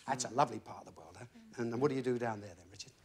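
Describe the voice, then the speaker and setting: A man's voice: mid-range voice, racing, creaky, darkish tone. A man hosting a TV quiz show, bantering and cracking jokes with the contestants. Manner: jokey, bantering, teasing contestants. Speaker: game show host. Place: TV studio with audience.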